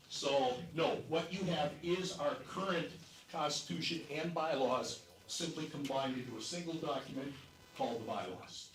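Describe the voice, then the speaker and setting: A man chairing a committee, walking a convention through a reformatted bylaws document in a measured, explanatory way. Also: on the high side. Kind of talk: convention floor presentation. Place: convention hall. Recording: echoey hall, distant mic, faint noise.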